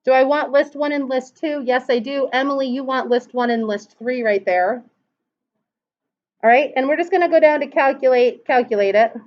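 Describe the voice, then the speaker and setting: A woman's voice: sits high, moderate pace. A woman teaching a math class, patiently walking through calculator steps and asking students questions. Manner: patient, explains step by step and asks the class questions. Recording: dull lo-fi classroom recording.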